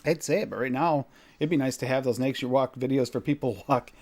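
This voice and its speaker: A man from the United States hosting a casual podcast chat, easygoing and quick to laugh, with rambling sentences. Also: mid-range voice, a little mellow. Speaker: podcast host.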